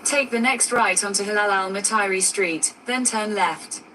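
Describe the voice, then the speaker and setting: Woman's navigation voice, synthetic, bright crisp tone, flat announcing, faint car noise. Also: medium pitch, normal speed, rough recording. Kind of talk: automated driving directions.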